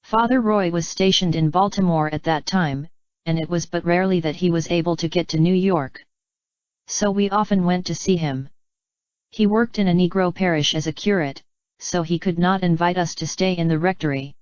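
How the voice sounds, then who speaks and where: A woman narrating an audiobook memoir in an even, measured reading. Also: lowish voice, clean tone, no echo. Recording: dry, slightly dull lo-fi audio.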